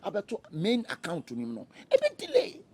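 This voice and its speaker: A man's voice: high voice, huge pitch swings, a little fast, crowd noise. A man with a Ghanaian accent, pleading and wheedling for money in a comedy skit. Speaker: son posing as a rich returnee from America. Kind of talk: comedy skit dialogue mixing English and Twi.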